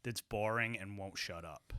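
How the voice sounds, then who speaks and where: A man's voice: lowish voice, normal speed, pushed and bright, smooth, no echo, studio quality. A man co-hosting a casual podcast, blunt and joking, with a bit of swearing. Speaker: podcast co-host.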